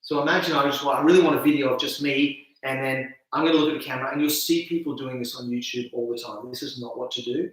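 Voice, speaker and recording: A man's voice: medium pitch, steady tone, fast, hardly any pauses, heavy reverb, distant mic, rough recording. A man explaining on-camera video tips as an interview guest, acting out reactions with gasps and laughs. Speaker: video campaign founder, guest.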